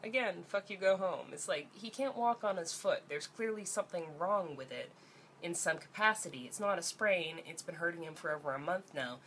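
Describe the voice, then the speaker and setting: A woman's voice: lowish voice, expressive, normal speed, fairly bright tone, a little hiss or hum. A young woman, ranting angrily and sarcastically in a vlog, swearing freely. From Canada. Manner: angry, profane, sarcastic. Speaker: vlogger.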